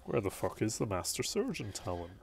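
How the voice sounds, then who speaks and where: A man's voice: fairly low pitch, huge pitch swings, brisk, vocal fry. A man narrating and running a tabletop game as game master, in a casual manner, swearing freely.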